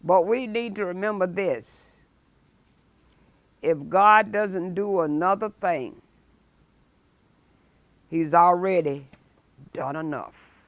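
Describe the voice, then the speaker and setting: A fairly low-pitched female voice, recorded without echo, belongs to a pastor leading a midweek Bible study. Her sermon is emphatic, her key phrases drawn out and deliberately stressed, and her scripture readings dramatic.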